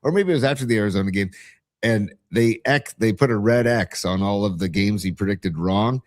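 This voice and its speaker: A man's voice: lowish voice, a little fast, no room sound, studio quality. A man co-hosting a sports talk podcast, chatting casually and reading out listener messages. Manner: relaxed, reads listener messages aloud. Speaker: podcast co-host.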